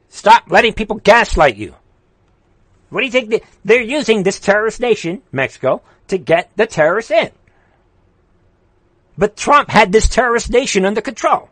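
In a dry recording, a man with a high, fairly bright voice hosts a livestream of heated political ranting. He strains his voice, reads out viewer comments, and keeps repeating rallying calls with real passion.

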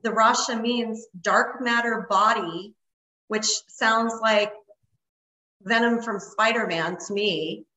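Woman, interview guest, casual rambling storytelling, bright voice, roomy echo. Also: fairly high pitch, takes it slowly. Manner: rambling, many fillers like "like" and "you know".

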